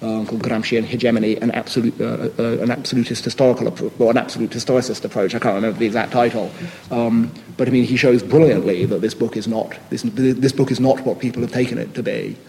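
A man's voice: medium pitch, fairly even intonation, quick pace, gravelly, darkish tone, in a large hall, a little hiss or hum, rough recording. A man answering a question on a panel in an academic discussion, hesitant and thoughtful, with many fillers and restarts.

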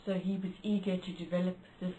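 A woman's voice: on the low side, little pitch movement, fairly quick, mellow, a little hiss or hum, poor audio. A woman interviewer asking short, polite questions in an oral history interview. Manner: brief, polite prompting questions.

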